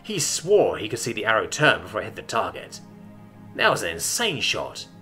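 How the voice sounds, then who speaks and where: A man reading a sci-fi story aloud as a scripted narration, with an animated storytelling delivery. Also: on the low side, normal speed, soft background music.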